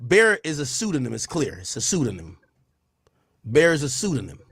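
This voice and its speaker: A man from Jamaica hosting a casual livestream, talking loud and animated, acting out quotes between laughs. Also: mid-range voice, moderate pace, slightly rough, no echo, studio quality. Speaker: streamer host.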